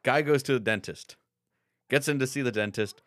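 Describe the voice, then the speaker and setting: A man co-hosting a casual podcast, telling crude jokes with dry, deadpan timing. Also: medium pitch, normal speed, a little hiss or hum. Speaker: podcast co-host.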